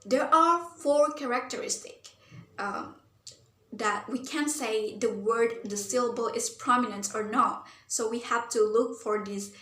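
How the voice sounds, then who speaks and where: A young woman with a somewhat high voice walks through a class topic as a student presenter. She sounds earnest and thinks aloud, often pausing on "um" and "like". The room carries a noticeable echo. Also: bright, forceful tone. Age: young adult. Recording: roomy echo.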